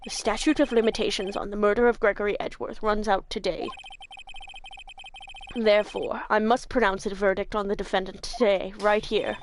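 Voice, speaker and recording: A woman voicing a stern older male judge in a game read-aloud, formal and deliberate. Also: mid-range voice, fairly even intonation, slight background noise, natural voice.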